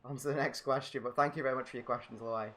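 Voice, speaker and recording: Quick, bright-voiced man chatting casually. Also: medium pitch, fairly even intonation. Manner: chatty, reads viewer questions aloud. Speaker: channel co-host. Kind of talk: casual Q&A chat while gaming.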